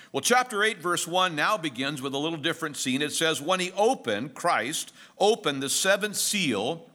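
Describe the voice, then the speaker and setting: A man's voice: mid-range voice, bright, forceful tone. A middle-aged male pastor giving an expository sermon in a conversational way, mixing jokes and stories into the teaching.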